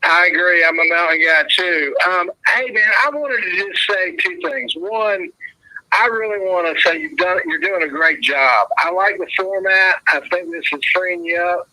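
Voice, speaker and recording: A man from North Carolina, calling in to a show, earnest, supportive and a bit halting. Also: high voice, pushed and bright, dry recording. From North Carolina, USA. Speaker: caller. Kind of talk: casual phone call-in chat. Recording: dry, phone-like call line.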